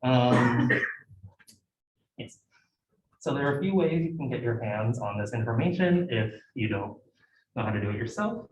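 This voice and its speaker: A young man gives an informal presentation at a student club meeting, chatty and casual with frequent fillers and small asides. His voice sits at an average pitch. It is picked up from across an echoey room with a light hiss underneath. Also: expressive, moderate pace, long pauses. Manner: conversational, filler-heavy, self-interrupting. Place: lecture room. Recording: echoey room heard from a distance.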